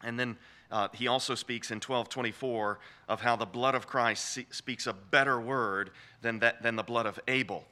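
A man giving a measured lecture on scripture, explaining the text step by step and often restarting his phrases. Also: medium pitch, steady tone, sharp tone. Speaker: Bible teacher.

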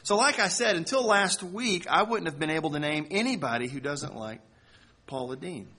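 Man preaching with slow emphatic storytelling. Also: a little high, lively intonation, bright, forceful tone, slightly rough. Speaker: pastor. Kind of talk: sermon.

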